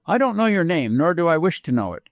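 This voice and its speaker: Man playing a formal, courteous young gentleman. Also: a little high, big pitch swings, fast, no echo, clean studio sound, pitched above the performer's own voice. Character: polite, proper young gentleman.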